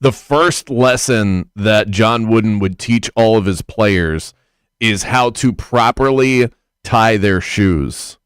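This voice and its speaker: A man hosting sports talk radio with a low, smooth, resonant voice. He sounds opinionated and wry, drifting from one story to the next. The sound is dry and close to the mic. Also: slow, dry recording. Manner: opinionated, wry, tangents into stories. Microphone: studio microphone.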